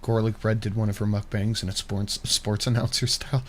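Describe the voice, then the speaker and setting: A man's voice: lowish voice, level tone, fairly quick, slight background noise. A man co-hosting a stream, joking and commenting casually, sometimes putting on a barker or announcer voice. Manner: joking, slips into a carnival barker and sports announcer voice. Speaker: co-host.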